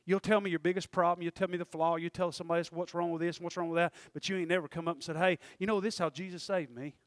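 Preacher man with a high voice. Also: fairly even intonation, no echo. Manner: preaching with sudden shouted peaks and quick asides. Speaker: pastor. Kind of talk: sermon. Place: church.

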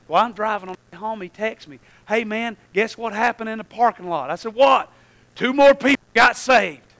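A man preaching a sermon in a very high, bright voice. He tells his story in an animated way, drops to a near hush and then breaks into shouted prayers. The tone is sharp and forceful. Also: low-quality recording. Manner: animated, swings from hushed to shouting.

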